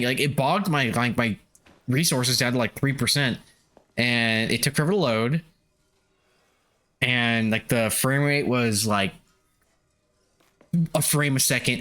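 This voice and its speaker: A man's voice: mid-range voice, fairly bright tone. Chatty man streaming a game. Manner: swears freely, laughs often, chatty. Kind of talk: casual live-stream commentary.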